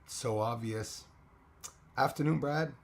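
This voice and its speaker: A man hosting a casual live stream chat, hoarse and losing his voice, greeting viewers by name. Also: medium pitch, unhurried, a little hiss or hum.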